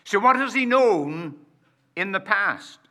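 Slow, emphatic man preaching a sermon. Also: sits high, expressive, sharp tone. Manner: rhetorical questions to the congregation.

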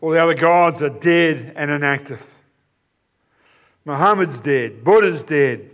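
A man's voice: fairly high pitch, unhurried, fairly bright tone. A man preaching a sermon, explaining a passage with emphatic, repeated phrases.

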